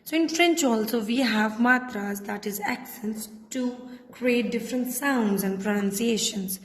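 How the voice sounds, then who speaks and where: A woman teacher with an Indian English accent, giving a patient classroom lesson and repeating points slowly. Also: a little high. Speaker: French teacher. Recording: echoey room with long reverb.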